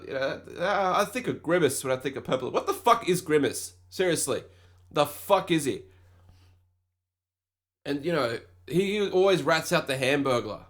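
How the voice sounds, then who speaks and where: A young Australian man hosting a podcast, telling a story in a rambling, profane rant and mocking the people he quotes. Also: medium pitch. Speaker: podcast host. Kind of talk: casual ranting monologue.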